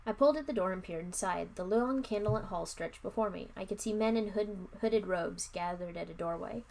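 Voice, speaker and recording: Woman reading a kids horror book on stream, lots of vocal fry, chatty asides. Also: medium pitch, a little fast, a little mellow. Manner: casual asides, plain narration with slips and restarts. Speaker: livestream book reader.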